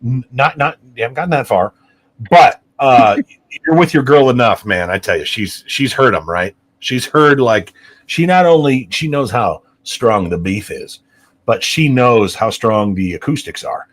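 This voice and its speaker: A man's voice: medium pitch, expressive, unhurried. A man co-hosting a casual podcast who banters in an enthusiastic, jokey way. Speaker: podcast co-host.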